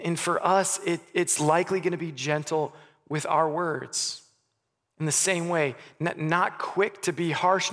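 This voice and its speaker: A man in his thirties preaching a sermon as a pastor. He speaks earnestly, stumbles on restarts, and drops soft and quiet on key words. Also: on the high side. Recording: long reverb of a hall.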